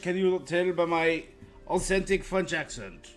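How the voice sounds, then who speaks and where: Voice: mid-range voice, measured pace, faint music behind. A streamer making joking, irreverent asides while playing a game live.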